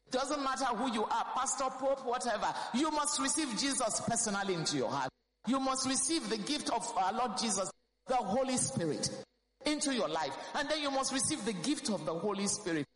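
A woman pastor, preaching a sermon fervently and emphatically, repeating key phrases. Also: mid-range voice. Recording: roomy hall with long reverb.

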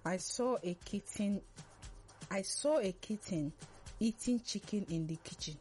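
A woman's voice: medium pitch, measured pace, darkish tone, soft background music. A woman producer speaking on air in a radio studio, nervous and giggly. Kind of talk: on-air chat and tongue twister.

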